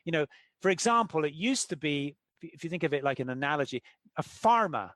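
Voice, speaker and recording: Man, middle-aged, animated explainer, higher voice, dry sound. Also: brisk, dry recording. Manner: animated storyteller, acts out quoted characters. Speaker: author interviewed as guest. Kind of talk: explanatory interview talk.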